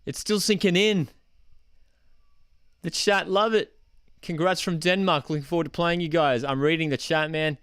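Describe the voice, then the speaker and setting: Young man, live stream host, excited fan, smooth clear voice, dry close sound. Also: fairly high pitch, moderate pace, long pauses, no echo. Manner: ecstatic, shouting, calls everyone man and dude. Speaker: football streamer hosting a live watchalong. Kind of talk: live match reaction and chat reading.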